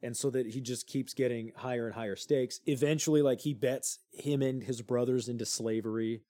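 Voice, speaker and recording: A young man on a podcast, retelling old myths in a loose, animated way, full of fillers and crude jokes. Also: medium pitch, fairly quick. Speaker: podcast co-host. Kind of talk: casual storytelling chat.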